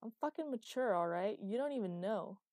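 A woman voicing a brash, crude young man who mocks his friends loudly in an audiobook. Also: medium pitch, lively intonation, a little fast, no echo, lightly acted. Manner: loud, mocking and crude.

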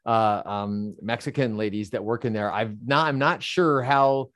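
A man's voice: on the low side, steady tone, a little slow, fairly bright tone. A man co-hosting a podcast, chatting casually with playful banter. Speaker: podcast co-host. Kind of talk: casual chat.

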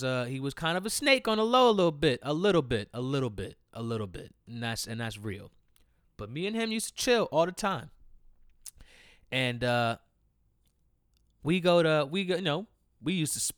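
A man's voice: mid-range voice, fairly bright tone, smooth, no echo, studio quality. A young man telling funny personal stories in a casual, slangy way, laughing often and repeating himself. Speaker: storyteller. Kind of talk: casual storytelling.

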